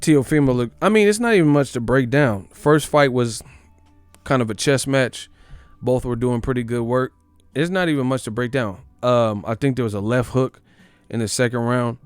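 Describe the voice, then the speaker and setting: A man's voice: medium pitch, smooth, no room sound. A man hosting his own channel, ranting casually about boxing in a joking, profane, trash-talking way. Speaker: boxing commentator, channel host. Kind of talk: casual boxing commentary rant.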